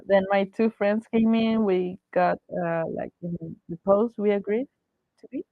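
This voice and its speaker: A woman's voice: medium pitch, dry recording. A woman tells a casual story-time tale about meeting a star, gushing and giggling as she goes. The sound is thin and tinny, like a phone call. The room is dry. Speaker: fan artist vlogger.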